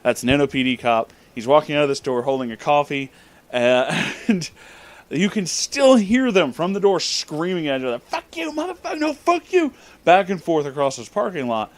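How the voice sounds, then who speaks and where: A man's voice: a little high, expressive, moderate pace. A young man casually telling a story about a road trip, swearing freely and laughing often. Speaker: vlogger.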